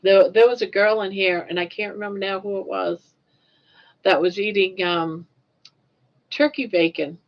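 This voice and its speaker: A woman's voice: medium pitch, fairly even intonation, normal speed, long pauses. An older woman from Maine hosting a casual livestream chat, rambling along and repeating words as she goes. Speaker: livestream host. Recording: dull lo-fi livestream audio.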